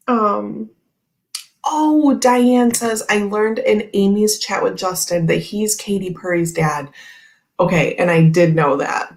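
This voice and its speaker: A woman's voice: on the low side, roomy sound. A woman hosting a casual tarot livestream, chatting and reading viewer comments aloud in a giggly, rambling way full of "like" and "okay, anyway.".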